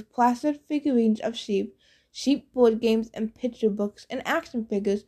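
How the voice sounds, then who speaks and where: A woman narrating an audiobook in a steady, expressive reading voice. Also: fairly high pitch.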